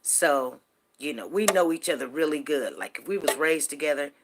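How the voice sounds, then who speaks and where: A middle-aged woman hosting a show, casually telling a personal story to her viewers, animated and repeating herself as she talks to them directly. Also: low voice, moderate pace, noisy background. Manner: animated, repeats words, asks listeners "you know what I'm saying".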